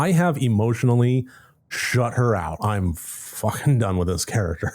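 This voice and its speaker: A man's voice: medium pitch, lively intonation, moderate pace, darkish tone. A man playing a story game, reading its text aloud and making wry, sarcastic asides. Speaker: let's play gamer.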